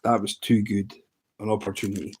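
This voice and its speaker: A man with a fairly low voice, chatting casually to his livestream viewers. He tells the story in a loose, amused ramble, stumbling and restarting as he goes. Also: level tone, a little fast, a little hiss or hum. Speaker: livestream host.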